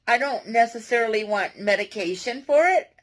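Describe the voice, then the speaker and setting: A woman speaking directly to her viewers in a personal confessional vlog, earnest and halting, often restarting her sentences. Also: on the high side, animated, low-quality recording. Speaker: vlogger.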